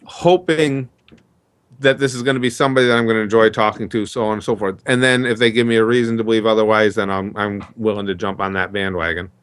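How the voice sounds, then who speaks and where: A man's voice: on the low side, steady tone, fast talker, a bit bright, clean tone. A middle-aged man talking in a casual interview, telling rambling stories and acting out the dialogue. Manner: chatty, rambling storyteller who acts out dialogue. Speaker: interview guest.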